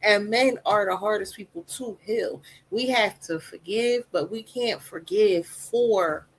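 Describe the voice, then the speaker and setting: A woman with a soft voice, speaking as a podcast guest in a candid, emphatic conversation, retelling her story with lively repetition. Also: mid-range voice, unhurried, breathy edge, poor audio.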